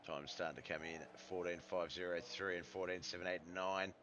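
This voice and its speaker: Deep-voiced Australian man calling a sim race. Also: a little fast, lo-fi sound, background noise. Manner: relaxed, rambling, with frequent fillers and self-corrections. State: voice starting to go. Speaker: sim racing commentator. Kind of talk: live esports race commentary.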